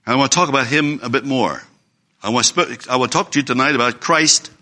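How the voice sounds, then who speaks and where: A man's voice: mid-range voice, quick pace, sharp tone. A man preaching a sermon in an earnest, emphatic way, reading scripture aloud.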